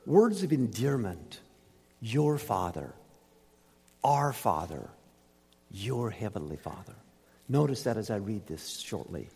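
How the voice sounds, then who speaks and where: A man preaching a sermon as pastor, emphatic, swinging from loud highs to soft lows. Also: very animated, slow, vocal fry, pauses often, slightly rough. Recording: reverberant hall.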